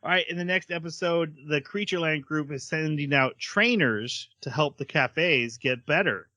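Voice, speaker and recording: Male podcast co-host, fairly high, bright and sharp, dry close sound, giggly recapper. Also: moderate pace, dry recording. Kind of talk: casual chat.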